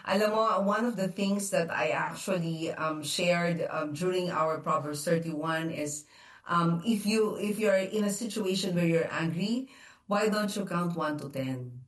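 A woman psychologist co-hosting a casual talk show, mixing English and Tagalog, lively and quick to act out little mock dialogues. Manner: lively, jumps into mock dialogue with sharp pitch rises, laughs often. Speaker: co-host and psychologist. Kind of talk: casual Taglish faith talk show chat. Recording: echoey room, voice from a distance.

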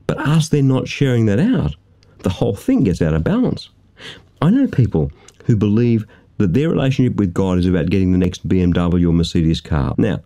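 Male studio preacher with a warm, mellow tone and an emphatic sermon delivery. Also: on the low side. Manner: emphatic preaching, rhetorical questions.

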